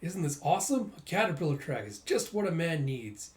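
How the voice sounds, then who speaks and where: A man's voice: on the high side, very animated, a little fast, a little mellow. A man voicing a cheerful, easygoing older man with a hearty manner, close to his own voice. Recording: roomy echo.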